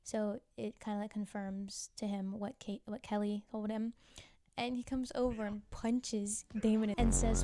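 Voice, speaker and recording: A woman's voice: medium pitch, level tone, unhurried, mellow. A woman recapping a TV drama in a casual, gossipy way, laughing often and filling her talk with "like" and side comments. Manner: gossipy, giggly, full of "like" and asides. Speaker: TV recap vlogger.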